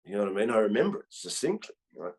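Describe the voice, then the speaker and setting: A man in his fifties with an Australian accent, swearing freely and tagging his lines with "right?" as he tells animated stories in a casual chat. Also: on the low side, very fast, breathy edge. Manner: animated storyteller. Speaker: guest comedian.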